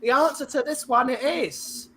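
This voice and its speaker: A woman's voice: high-pitched, moderate pace, very noisy. A woman hosting a casual talk show who reads reviews aloud and quizzes her guests in a chatty, teasing way. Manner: chatty, teasing quiz host. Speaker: podcast host.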